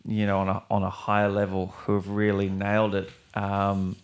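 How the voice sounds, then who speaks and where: A man's voice: on the low side, monotone, moderate pace. A young man, an actor, talking casually and rambling as a podcast guest. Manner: rambling, with many restarts and mild swearing. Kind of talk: casual interview chat.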